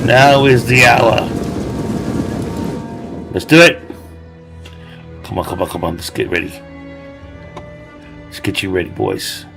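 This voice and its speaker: A man's voice: medium pitch, animated, slow pace, gravelly, pauses often, music in the background. A man giving casual, joking gameplay commentary and laughing often. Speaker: gamer.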